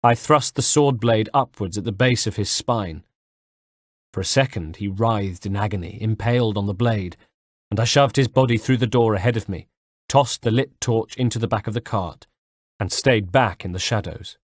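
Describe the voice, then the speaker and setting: A man reading a first-person audiobook in a measured, dramatic way on a close mic. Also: on the low side, no echo. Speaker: audiobook reader.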